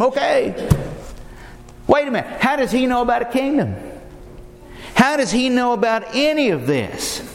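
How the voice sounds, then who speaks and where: A man preaches in a fairly high voice, driving his point home with question after question and speaking to the congregation as friends. His words ring through a large hall, trailing a long reverb behind every phrase. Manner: emphatic, rhetorical questions, addresses listeners as friends. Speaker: pastor. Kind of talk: sermon.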